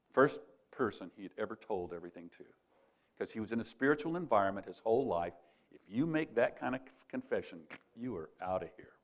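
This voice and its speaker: Older man telling a story, gravelly. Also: on the low side. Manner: conversational, quoting others in lively voices. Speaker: conference speaker. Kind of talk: sermon-style storytelling.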